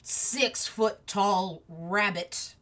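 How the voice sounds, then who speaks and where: A woman narrating a tabletop game as game master, relaxed with many fillers. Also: mid-range voice, drawn-out words.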